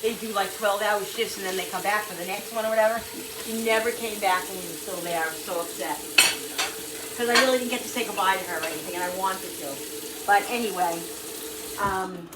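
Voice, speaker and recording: A woman's voice: mid-range voice, fairly even intonation, a little fast. A middle-aged woman telling a personal story in an emotional, rambling vlog, repeating herself as she goes. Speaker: vlogger. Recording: roomy echo, mic at a distance, noisy.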